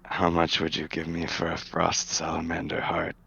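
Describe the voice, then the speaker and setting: A man's voice: very deep voice, completely flat delivery, normal speed, creaky, bright, forceful tone, dull audio, slight background noise. A man playing a tabletop game, asking hesitant questions for his character. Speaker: player. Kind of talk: casual tabletop play.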